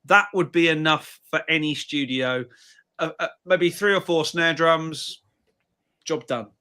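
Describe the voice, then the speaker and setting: Male co-host, slightly high and bright, blunt storyteller in casual chat. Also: measured pace.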